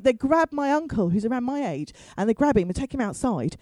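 Brief: comic storyteller, woman, high animated voice, mellow tone, dry close sound. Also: fast talker, few pauses, low-quality recording. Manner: animated, swears freely, wry asides. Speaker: stand-up comedian.

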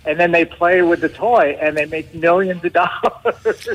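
Middle-aged man, talkative guest who stumbles and laughs through his answers, a touch high-voiced. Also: a little slow, a bit bright, rough recording. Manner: chatty, laughs often, frequent restarts. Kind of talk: casual interview.

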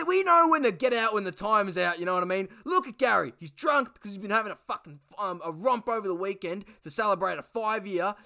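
A man with an Australian accent voicing a loud, crude, boastful male footballer who rambles excitedly. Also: high-pitched, vocal fry, pitched above the performer's own voice, full character voice.

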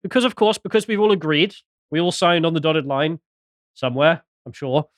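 A man's voice: on the high side, animated, a little fast, no room sound, clean studio sound. A British man co-hosting a podcast, reading out news stories with mocking, sarcastic commentary. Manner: mocking, sarcastic, swings into jokey mimicry.

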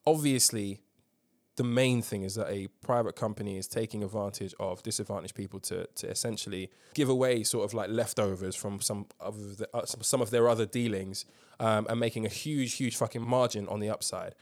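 A man's voice: on the low side, fairly even intonation, brisk, a little mellow. A man hosting a casual current-affairs podcast, telling a story emphatically with swearing and lots of ums. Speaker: podcast host.

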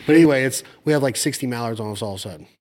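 A man hosting a casual chat, asking questions and telling an animated hunting story with laughs and mimicry. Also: mid-range voice, rapid-fire, a little hiss or hum.

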